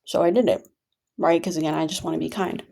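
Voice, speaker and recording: A woman's voice: deep voice, fairly even intonation, fast, creaky, a little mellow. A woman venting in a rambling, casual monologue full of fillers and restarts. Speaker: vlogger.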